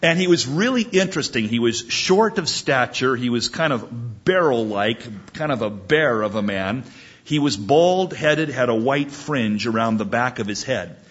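A male pastor preaches a sermon, building his points through emphatic storytelling. His voice sits at an ordinary pitch with a husky edge. The recording is dull and lo-fi. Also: expressive, a little slow, a bit bright.

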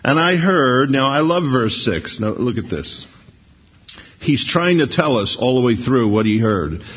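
A middle-aged man preaching a sermon in a conversational, storytelling way, slowing down to read scripture. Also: medium pitch, big pitch swings, slightly rough. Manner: conversational, anecdotal, slows down for scripture reading. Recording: dull lo-fi sermon recording.

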